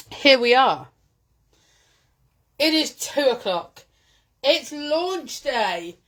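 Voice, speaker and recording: A woman's voice: high-pitched, a bit bright. A woman hosting a chatty live-stream craft demo from home, bubbly and greeting viewers by name, talking into a phone. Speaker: craft presenter. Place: at home with her dogs.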